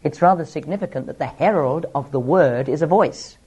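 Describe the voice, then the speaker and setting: A man's voice: a little high, fairly quick, darkish tone, slightly rough. A man teaching through a Bible passage, explaining each verse with asides and small laughs.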